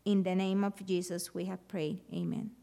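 A woman leading a spoken prayer in a steady, reverent manner before a sermon. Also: fairly low pitch, normal speed. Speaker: prayer leader.

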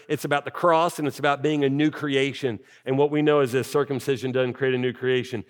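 A man, a pastor, preaching a sermon and reading scripture aloud, shifting from quiet, measured passages to rising, urgent emphasis. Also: mid-range voice, little pitch movement.

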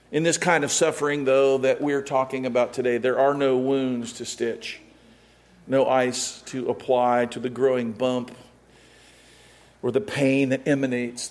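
A middle-aged man preaching a sermon, acting out quotes and swinging from loud calls to hushed, quiet passages. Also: medium pitch. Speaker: pastor.

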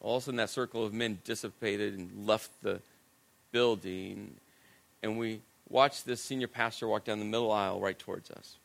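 A middle-aged man preaching a sermon, telling a personal story in a conversational, self-deprecating way and dropping to a hushed voice at serious moments. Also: lowish voice, steady tone, normal speed, vocal fry. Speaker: pastor.

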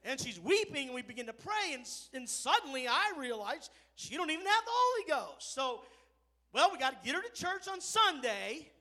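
In a church, a pastor tells a story through his sermon, building to fervent near-shouting in a strikingly high voice with a sharp, bright edge. His pitch swings widely at a normal speed as he keeps the story moving and hits the punchlines of faith hard. It's his own natural delivery, not a performance.

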